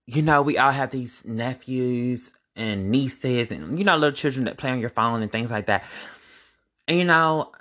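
A young male vlogger tells his viewers a casual, animated storytime, swearing freely and breaking into sudden high-pitched outbursts.

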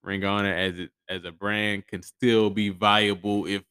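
A man's voice: lowish voice, little pitch movement, normal speed, sharp tone, smooth, no room sound. A man hosting a podcast with blunt, profane commentary, frequent stammered restarts. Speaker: podcast host. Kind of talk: casual solo commentary.

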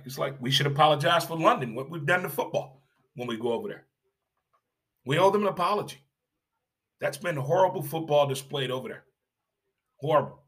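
A man delivering an animated, opinionated sports rant, emphatic and repetitive, with rhetorical questions and blunt, casual swearing. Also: mid-range voice, slightly rough. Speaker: sports commentator.

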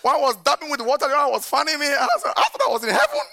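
A middle-aged man, a pastor, preaching a sermon with animated storytelling and frequent laughter. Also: very high-pitched, racing, vocal fry, slight background noise.

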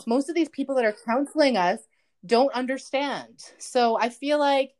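A woman's voice: sits high, moderate pace, a little mellow. A young woman co-hosting a podcast in casual chat, laughing often and filling her talk with "like". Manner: chatty, laughs often, heavy use of "like". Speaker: podcast co-host.

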